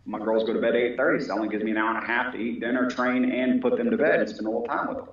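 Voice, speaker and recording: A man's voice: mid-range voice, fairly even intonation, rapid-fire. A polite, humble man talking about his fight training and telling stories in a casual interview. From United States. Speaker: fighter and police officer. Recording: very echoey, dull audio.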